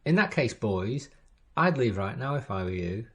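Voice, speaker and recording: A man's voice: on the low side, sing-song, normal speed, a bit bright. A man reading a story aloud, voicing a shopkeeper woman who coldly warns robbers off. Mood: menacing. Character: steely woman shopkeeper turned threatening.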